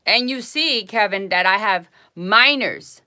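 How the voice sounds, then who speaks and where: A woman hosting a live tarot stream, telling stories to her viewers in an animated, indignant way with frequent asides. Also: mid-range voice, a little slow.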